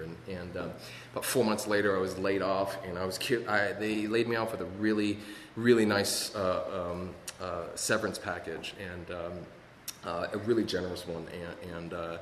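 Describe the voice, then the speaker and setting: A fairly low-voiced man shares his recovery story in an earnest, halting way, circling back with repeated words and restarts. His voice rings out through a large, reverberant hall, with a faint hum of room noise behind him. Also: steady tone. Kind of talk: personal testimony talk.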